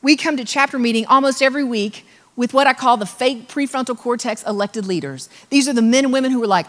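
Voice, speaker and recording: Woman keynote speaker, jokey and animated, big hall with long reverb. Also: on the high side, quick pace. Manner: animated, acts out voices, jokes with the crowd. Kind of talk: humorous motivational talk.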